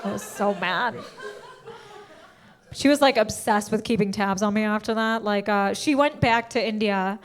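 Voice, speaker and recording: A woman comedian telling a story on stage in an animated way, with big leaps in pitch on the punchlines. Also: moderate pace. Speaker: stand-up comedian. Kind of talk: stand-up comedy set.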